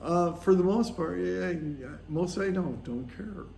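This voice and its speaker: Chatty man in his sixties, rather high-voiced. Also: measured pace, creaky, darkish tone, reverberant, a little hiss or hum. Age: 60s. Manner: rambling, with frequent fillers and chuckles. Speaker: vlogger on a pilgrimage. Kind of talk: casual storytelling monologue.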